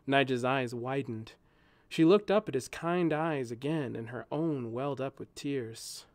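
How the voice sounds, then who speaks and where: A male narrator reads a storybook aloud in a gentle, measured way. His voice sits at an ordinary middle pitch, and the recording is close and very dry, like a home studio. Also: no echo.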